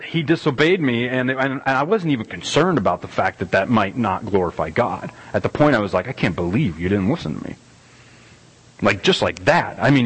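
A man preaching a conversational sermon, rambling and self-deprecating, restarting sentences and acting out what he tells his kids. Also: mid-range voice. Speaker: pastor. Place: church hall. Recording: long reverb of a church hall.

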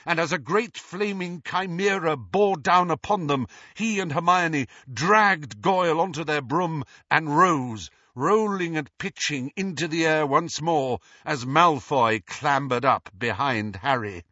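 A man giving a dramatic, expressive audiobook narration. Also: fairly high pitch, a little slow, few pauses, no echo, dull audio. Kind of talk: scripted narration.

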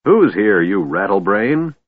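A man's voice: medium pitch, lively intonation, a little slow. A man voicing a grumpy old male dwarf who snaps and roars in exasperation, reading a storybook. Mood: gruff. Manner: gruff, snapping, exasperated. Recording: tinny phone-like sound, dry.

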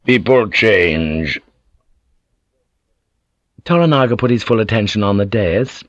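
A man reading an audiobook in steady, descriptive scripted narration. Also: lowish voice, quick pace, dry recording, highs cut off.

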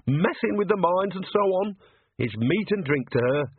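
A man's voice: high-pitched, animated, moderate pace, husky, dry recording, voice pushed up, heavily acted. Cheeky earthy old witch woman, as a man does her, teasing, blunt, raised voice, tinny band. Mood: anxious.

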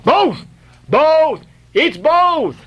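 A man reading aloud voices a harpooneer who shouts out from high above in a raised, high voice. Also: big pitch swings, very slow, dry recording, highs cut off, exaggerated voice. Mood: shouting.

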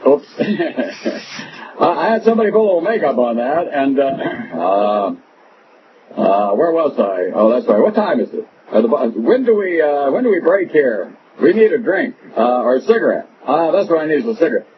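Brief: man doing a vain, halting, tipsy politician for a radio bit, lively pitch. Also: lightly acted. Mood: pompous, rambling. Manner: halting, rambling, full of uh. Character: boozy, vain male politician, rambling and self-admiring. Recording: muffled radio broadcast with noise.

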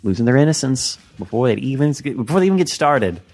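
A man's voice: mid-range voice, sing-song, fast, darkish tone, faint music behind. A man hosting a casual comedy podcast, teasing and laughing often. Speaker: podcast host.

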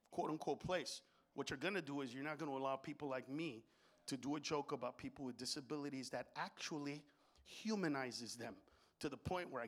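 A man doing a stand-up comedy routine on stage into a handheld mic, profane and swinging between shouted bursts and low, confiding stretches.

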